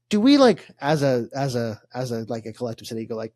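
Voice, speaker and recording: A man's voice: medium pitch, big pitch swings, moderate pace, a little mellow, no room sound. A young man, co-hosting a casual sports podcast and telling a rambling story full of laughs and fillers. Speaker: podcast co-host.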